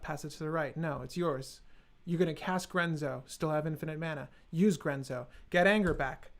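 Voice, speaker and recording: Male streamer, higher-pitched voice, casual and sarcastic, chatting with a live audience. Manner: joking, sarcastic, talks to chat.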